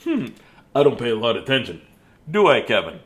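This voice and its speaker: A man's voice: medium pitch, sing-song, brisk. A middle-aged man reading picture books aloud as a bedtime story, in a goofy, chatty way with sing-song noises and silly asides. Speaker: storybook reader.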